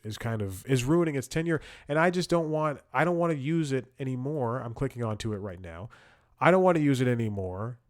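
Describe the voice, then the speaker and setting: A man's voice: mid-range voice, no echo, studio quality. A young man hosting a comedy podcast, telling a rambling story and often chuckling and restarting his sentences. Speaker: podcast host. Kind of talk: casual comedic monologue.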